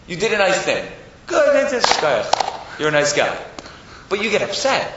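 A young man telling a family story in a Torah talk, acting out relatives in loud, high voices. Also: wildly swooping pitch, moderate pace, background noise. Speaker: Torah speaker. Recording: echoey room from far off, dull and lo-fi.

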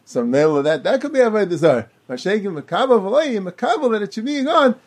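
A man teaches Talmud in a high, lively voice. His pitch swings widely as he explains the texts in a sing-song lilt. He quotes lines along the way as he reasons aloud. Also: quick pace. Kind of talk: Talmud lecture.

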